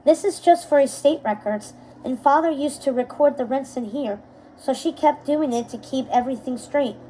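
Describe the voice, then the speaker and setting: A woman's voice: high voice, normal speed, dark tone, slight background noise, lightly acted, poor audio. A woman reading a storybook aloud, voicing a dutiful, weary young woman who speaks earnestly.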